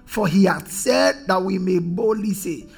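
Male pastor, high gravelly voice, emphatic repetitive preaching style. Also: a little slow, faint music behind. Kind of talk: sermon.

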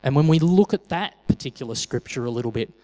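A man's voice: mid-range voice, expressive, quick pace, a little mellow, long reverb tail, poor audio. A man preaching a sermon in a conversational way, often repeating words as he starts a phrase.

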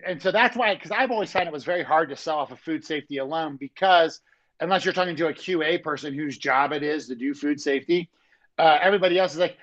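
A man's voice: a little high, a bit bright, dull audio. A man hosting a casual podcast chat, talking in loose, rambling sentences full of "like".

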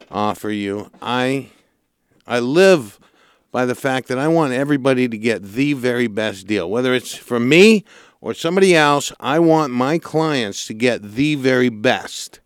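A man hosting a radio show about mortgages, telling a client story in a lively, chatty way and acting out the calls. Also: medium pitch, smooth, no echo, studio quality. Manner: animated storyteller, acts out callers' lines. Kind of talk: casual radio talk, storytelling.

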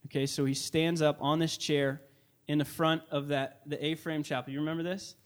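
A young man leading worship in church, welcoming the congregation and telling an earnest, excited story with frequent restarts. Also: a little high, moderate pace, clear, resonant tone. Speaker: worship leader. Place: church sanctuary.

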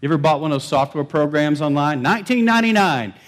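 A man's voice: on the high side, completely flat delivery, quick pace. A pastor giving a sermon in a church, talking conversationally and asking his congregation questions. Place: church sanctuary.

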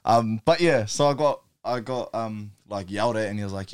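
A man's voice: lowish voice, brisk, hardly any pauses, clean tone, dry recording. A young man chatting casually on a podcast, laid-back and swearing freely as he tells school stories. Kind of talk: casual chat.

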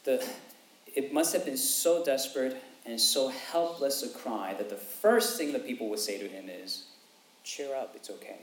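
A man, a father with young kids, preaching a sermon in an animated way, repeating phrases for emphasis and acting out quotes. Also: medium pitch, moderate pace, a little hiss or hum. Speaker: pastor. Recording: echoey room, faint ambience.

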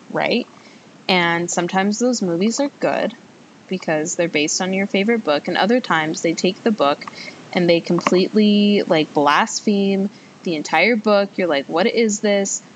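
A young adult woman hosting a casual solo podcast, chatty and rambling, with lots of filler words. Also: dull audio. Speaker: podcast host. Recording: loud recording with faint rumble.

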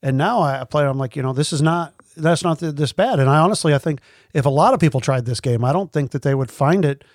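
A man's voice: fairly high pitch, fast, dry recording, clean studio sound. A man co-hosting a podcast in casual chat, hesitant and rambling. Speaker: podcast co-host.

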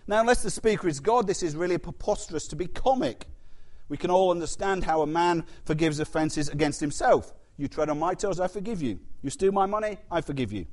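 A man delivers a sermon, his voice sitting high for a man. He preaches in a lively, conversational way, breaking off to ask the congregation questions and trade asides. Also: brisk.

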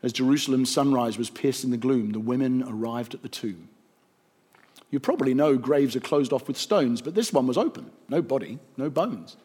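A man narrating a rhyming story in a gentle, rhythmic storytelling manner. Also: mid-range voice, moderate pace, husky.

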